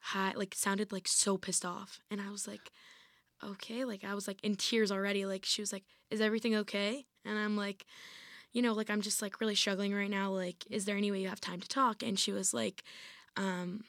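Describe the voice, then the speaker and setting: A former college athlete, now a young adult, tells her story casually in an interview, saying "like" a lot and often starting over. Her medium-pitched voice is a bit bright with a level tone and brisk pace, and the recording is dry, studio quality.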